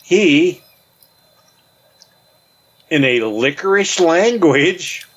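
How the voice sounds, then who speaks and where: A man co-hosting a podcast, reading an old text aloud slowly and breaking off for joking asides. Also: fairly high pitch, animated, husky, highs cut off. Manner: slow, joking asides between read passages. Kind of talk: casual podcast reading with commentary.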